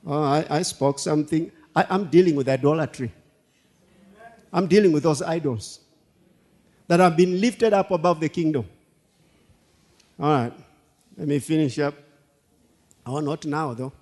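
A man preaching a sermon as pastor, animated, laughing and repeating himself for emphasis. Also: a little high, measured pace, pauses often. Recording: long hall reverb.

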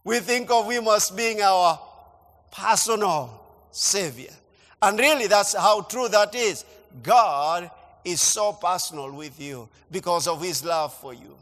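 A man preaching a sermon, emphatic and repeating phrases as he swings between loud and soft. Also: sits high, takes it slowly, big-room sound. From Kenya. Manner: emphatic, repeats phrases, rising and falling delivery. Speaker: pastor. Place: church.

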